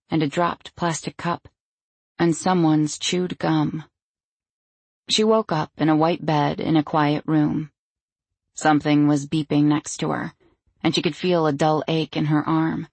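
Woman, audiobook narration, measured, slow, gravelly, dry close sound. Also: sits low, a little mellow, no room sound. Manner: measured storytelling. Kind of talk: scripted narration.

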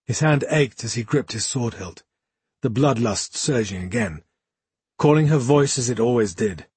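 A male audiobook narrator reads fantasy prose in a steady, measured way, at a middle pitch for a man. His voice is husky and breathy. The sound is close and dry, with no echo at all. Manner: measured, even storytelling.

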